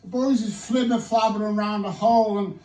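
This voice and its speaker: High-voiced joking man outdoors. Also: fairly even intonation, fairly quick, dark tone, reverberant, recorded from a distance, rough recording. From United Kingdom. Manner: joking, swearing, laughs often. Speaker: metal detecting vlogger. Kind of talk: casual banter to camera. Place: outdoors on a hill.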